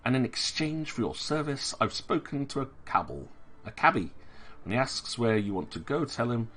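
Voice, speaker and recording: A man putting on a sly, smooth-talking informant. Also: mid-range voice, sing-song, moderate pace, fairly bright tone, pitched above the performer's own voice.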